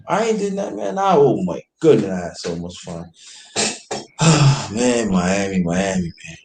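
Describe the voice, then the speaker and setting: A man's voice: on the low side, sing-song, unhurried, vocal fry, a little mellow. A man from New York spins a loose, cursing story in a casual chat and throws himself into the quoted voices. His voice carries a roomy echo, with a faint hiss of noise underneath. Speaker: host.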